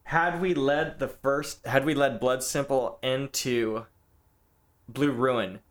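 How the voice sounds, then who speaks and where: A man co-hosting a film podcast in casual discussion, chatty and quick to laugh, often stammering as he restarts a thought. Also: medium pitch, fairly even intonation. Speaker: podcast co-host.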